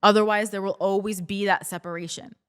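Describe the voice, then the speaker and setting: A woman hosts a self-help podcast in a relaxed, conversational coaching manner. She speaks straight to her listeners and now and then acts out their excited reactions in quick quoted asides. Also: medium pitch, clear, resonant tone. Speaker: podcast host. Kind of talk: casual self-help talk.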